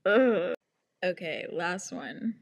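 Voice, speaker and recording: A woman's voice: lowish voice, expressive, drawn-out words, gravelly. A young woman hosting a podcast, ranting in a sarcastic, exasperated way and swearing often. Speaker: podcast host. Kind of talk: casual podcast rant.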